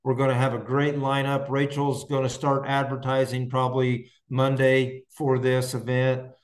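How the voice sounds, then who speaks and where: A man's voice: mid-range voice, monotone, moderate pace. Rambling, enthusiastic male farm-podcast host. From Indiana, United States. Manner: rambling, enthusiastic, frequent restarts. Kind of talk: casual live-stream chat answering questions.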